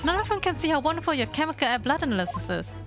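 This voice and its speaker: An eager young girl who gushes with delight, played by a woman pushing her voice up high. She sounds a bit distant from the mic. Game music plays clearly behind her. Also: very animated, rapid-fire. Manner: eager, gushing. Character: excitable young girl assistant.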